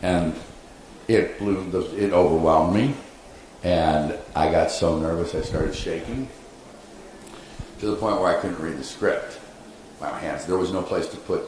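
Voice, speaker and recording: A man telling an animated story on a convention panel, quoting people and laughing along. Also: sits low, a little slow. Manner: animated anecdote with laughs and acted-out quotes. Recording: echoey convention hall, faint noise.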